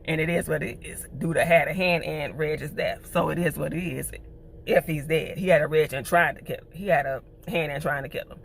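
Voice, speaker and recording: Chatty lady doing a tv recap, bit of fry in her voice, light hum in the background. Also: low voice, fairly quick. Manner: chatty, animated, uses slang. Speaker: TV show reviewer. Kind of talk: casual episode recap.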